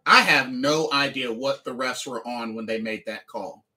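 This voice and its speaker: A man's voice: medium pitch, moderate pace, bright, forceful tone. A man streaming a sports game recap, talking emphatically and repeating the same phrases again and again. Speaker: livestreamer and sports fan.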